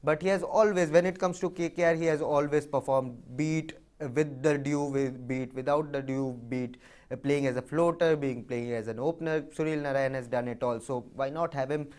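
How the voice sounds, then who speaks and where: A man's voice: on the high side, fairly even intonation, a little fast, darkish tone. A man co-hosting a live fantasy cricket show in a studio, talking casually, with frequent fillers and repeated words. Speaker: cricket analyst co-host.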